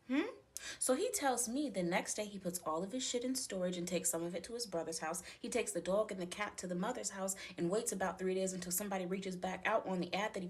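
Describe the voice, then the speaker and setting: A woman with a fairly low voice recounts a bad date in casual storytelling. She is blunt and profane and tells it dramatically. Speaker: storyteller in clip.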